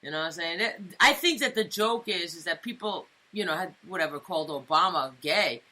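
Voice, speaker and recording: A woman's voice: fairly low pitch, expressive, a little fast, pushed and bright. A woman co-hosting a talk show, joking in casual streetwise slang. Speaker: co-host. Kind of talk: casual political banter.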